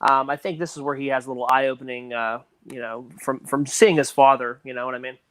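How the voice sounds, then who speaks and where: A man's voice: mid-range voice, fairly even intonation, a little fast, a bit bright, no room sound. A man co-hosting a casual podcast, reflecting on a film with many restarts and "you know what I mean". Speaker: podcast co-host. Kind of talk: casual movie discussion.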